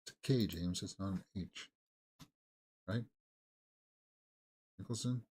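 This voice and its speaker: A man co-hosting a movie talk show, chatting casually and thinking aloud with halting restarts. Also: deep voice, a little mellow, breathy edge. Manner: musing, halting, with fillers and restarts. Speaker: movie news co-host. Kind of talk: casual chat.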